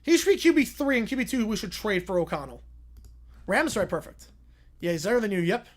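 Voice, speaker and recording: A young man hosting a casual livestream, answering viewer questions with quick reactions and frequent "yeah"s. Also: high voice, sing-song. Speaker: livestream host reading chat.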